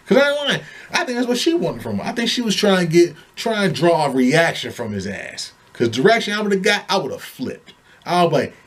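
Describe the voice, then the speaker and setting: A man's voice: high-pitched, big pitch swings, fairly quick. A man on a heated, profane vlog rant, telling a story with lots of swearing. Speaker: vlogger.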